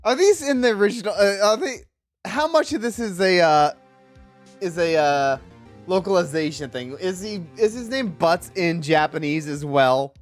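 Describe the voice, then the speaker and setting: A woman's voice: on the low side, moderate pace, no echo, faint music behind. A woman streamer giving chatty, jokey commentary while playing a video game. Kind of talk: casual let's-play commentary.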